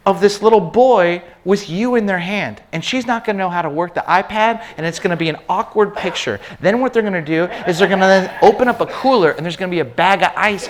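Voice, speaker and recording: A man giving an animated, storytelling sermon talk, often repeating words as he starts sentences. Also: high voice, a little hiss or hum. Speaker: speaker at a faith session.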